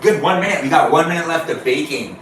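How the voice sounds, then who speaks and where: A man's voice: on the high side, fast, fairly bright tone, very echoey, distant mic, a little hiss or hum, low-quality recording. A man chatting casually with viewers on a live stream while baking, playful and rambling as he reads the chat aloud.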